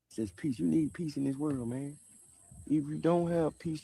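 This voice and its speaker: A man's voice: fairly high pitch, moderate pace, creaky, warm tone, husky, dry recording. A man talking casually to his viewers, repeating himself in a preachy, drawling way. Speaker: person in a reacted-to livestream clip.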